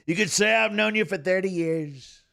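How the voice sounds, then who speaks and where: A man's voice: high voice, gravelly, bright, forceful tone, pitched above the performer's own voice, exaggerated voice. A man doing a brash boastful old politician. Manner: slow, drawn-out bragging delivery. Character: boastful older male politician, brash and rambling.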